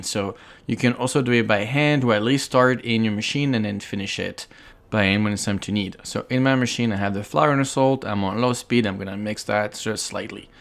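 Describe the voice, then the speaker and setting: A man's voice: fairly low pitch, fairly bright tone. A man with a French accent, a chef hosting his own cooking tutorial, chatty and playful as he explains each step. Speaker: chef and cooking show host.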